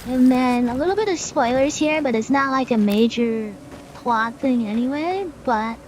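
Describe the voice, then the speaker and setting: A woman's voice: sits high, moderate pace, slight background noise. A woman game streamer rambling casually and sarcastically as she plays. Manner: rambling and sarcastic, full of fillers. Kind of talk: casual chat while playing. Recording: game music playing behind her.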